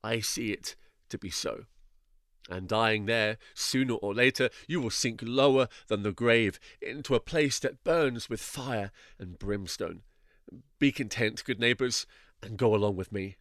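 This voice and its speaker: A man's voice: lowish voice, unhurried, a bit bright, no room sound, studio quality. A man voicing an anxious, burdened male pilgrim who pleads in solemn, old-fashioned speech. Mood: pleading. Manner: solemn, archaic phrasing.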